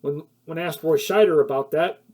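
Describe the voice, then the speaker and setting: A man's voice: on the high side, normal speed, darkish tone. A man giving a casual spoken film review, rambling with many fillers and self-corrections, and sometimes laughing at his own points. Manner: laughs at his own points, gets heated when annoyed.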